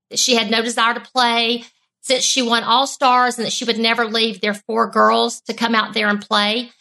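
A woman's voice: a little high, pushed and bright, poor audio. A woman co-host of a casual interview, politely asking long, careful questions.

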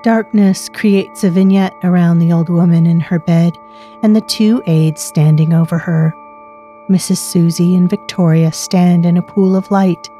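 A woman narrating a scripted story in a slow, measured way. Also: on the low side, warm tone.

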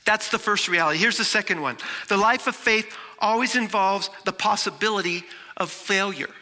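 A man preaching a sermon with dramatic delivery, shifting between loud and soft. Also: sits high, normal speed, long reverb tail. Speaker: pastor.

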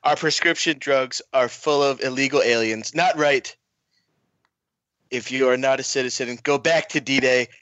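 A man's voice: mid-range voice, a little slow, a bit bright, no echo, muffled recording, lightly acted. A man doing an impression of a boastful, rambling male president giving a grandiose speech.

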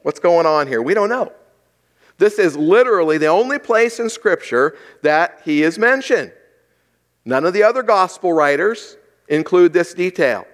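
Male preacher, slightly high-pitched, talks through scripture conversationally, asks the listeners questions. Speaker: pastor. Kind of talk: sermon.

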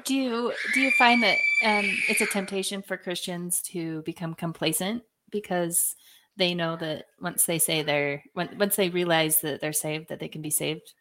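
A woman's voice: lowish voice, steady tone, moderate pace, bright, forceful tone, a little hiss or hum. A woman hosting an interview who asks her questions hesitantly and restarts them as she goes. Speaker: host.

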